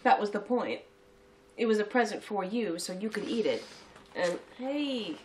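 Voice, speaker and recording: A woman chatting casually as co-host of a sweets-tasting video, talkative and quick to laugh. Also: mid-range voice, lively intonation, darkish tone, a little hiss or hum. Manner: chatty and giggly, reads labels aloud. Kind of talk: casual chat.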